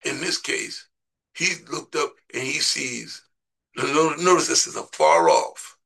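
A man's voice: mid-range voice, sing-song, a little slow, creaky, fairly bright tone, husky. A man preaching a sermon in a conversational way, repeating words and putting questions to his listeners.

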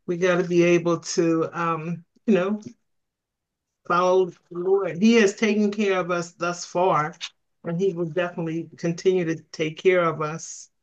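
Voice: medium pitch, little pitch movement. A Bible study participant sharing a thoughtful comment, hesitant and full of ums. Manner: slow, hesitant, with many ums. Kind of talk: group discussion comment. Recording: dull lo-fi sound.

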